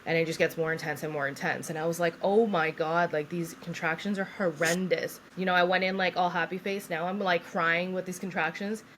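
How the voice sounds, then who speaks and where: Lively woman telling a birth story. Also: fairly low pitch, brisk, few pauses, slight background noise. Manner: animated storyteller acting out quoted people, laughs often. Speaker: podcast co-host. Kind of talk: casual storytelling chat.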